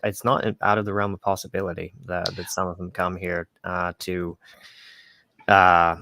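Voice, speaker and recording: She has an extremely deep voice for a woman, recorded dry and close. She co-hosts an interview, speaking in a halting, hesitant way full of fillers and restarts. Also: level tone, a bit bright, dry recording. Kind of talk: casual interview conversation.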